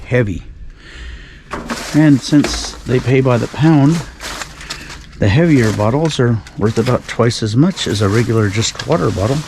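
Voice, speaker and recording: A man with an ordinary mid-range voice talks his way through a night outdoors, rambling with dry sarcasm and the occasional sigh. The outdoor recording carries a clear layer of background noise, with cans and trash rustling close by. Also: mid-range voice, measured pace, long pauses. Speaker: dumpster-diving vlogger. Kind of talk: casual night vlog narration.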